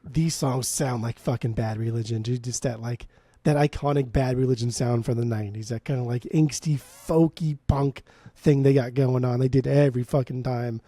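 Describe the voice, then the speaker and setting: Chill podcast dude, warm mellow voice, swears a lot, dry sound. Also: male voice, medium pitch, steady tone, moderate pace, dry recording. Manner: laid-back, profane, offhand. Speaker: podcast co-host. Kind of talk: casual music review chat.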